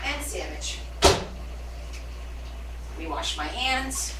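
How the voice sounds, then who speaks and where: A woman's voice: fairly low pitch, big pitch swings, takes it slowly, very noisy. A woman hosting a casual craft live stream, chatty and playful, reading viewer comments aloud and answering them with jokey asides. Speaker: craft livestream host.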